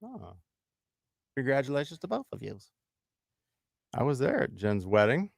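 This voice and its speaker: A man co-hosting a morning radio show, jokey and quick to play silly voices. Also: medium pitch, sing-song, vocal fry, dry recording, studio quality. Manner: jokey, slips into silly impressions. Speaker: radio co-host. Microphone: studio microphone.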